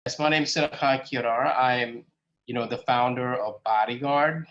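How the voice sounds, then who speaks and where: A man recounts his experience in casual spoken talk, leaning on fillers and acting out the conversations he had. His pitch sits in a middle range. The audio is dull and lo-fi. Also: moderate pace, a bit bright. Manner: conversational, many fillers, acts out quoted exchanges. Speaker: speaker, app founder.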